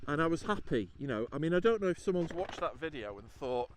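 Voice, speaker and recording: A man's voice: a little high, very animated, fast talker, slight background noise. A British man vlogging from his motorbike, chatting and ranting to viewers with lots of swearing. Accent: British English. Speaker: motovlogger. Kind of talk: casual motorbike vlog. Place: outdoors, on a motorbike, then at a roadside dump.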